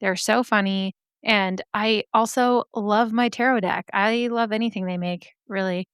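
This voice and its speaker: A woman's voice: mid-range voice, fairly even intonation, measured pace, a bit bright, clean tone, dry recording, clean studio sound. A young woman hosting a podcast, chatting casually in a gushing way that swears freely, her voice a little scratchy today. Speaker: podcast host. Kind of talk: casual chat.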